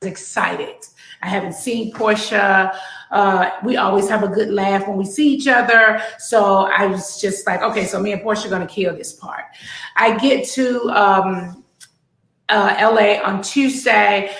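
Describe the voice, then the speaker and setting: Gravelly woman in an echoey room. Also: medium pitch, fairly even intonation, a bit bright. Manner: measured recounting with fillers. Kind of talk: personal account to camera. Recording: roomy echo.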